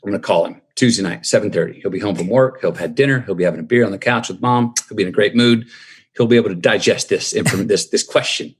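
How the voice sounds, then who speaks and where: A middle-aged man, a guest in an interview, telling his story in a reflective, drawn-out way. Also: lowish voice, slightly rough.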